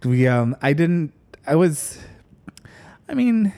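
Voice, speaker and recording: A man's voice: fairly high pitch, slow pace. A man in casual chat, telling stories animatedly and acting out what others said. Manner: animated storyteller, acts out quotes loudly.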